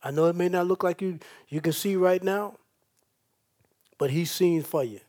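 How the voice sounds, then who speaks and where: Animated preacher man, loud then hushed. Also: high voice, moderate pace. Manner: dramatic swings from loud preaching to soft comforting; folksy, conversational, talks straight to listeners. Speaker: pastor. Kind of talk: sermon.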